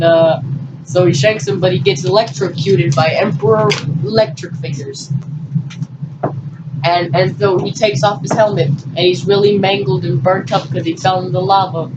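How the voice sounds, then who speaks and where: A teenage boy giving a goofy, profane movie recap, acting out characters in silly voices. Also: sits high. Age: teens. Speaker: storyteller. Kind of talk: rambling comedic movie recap. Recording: distant muffled mic with loud noise.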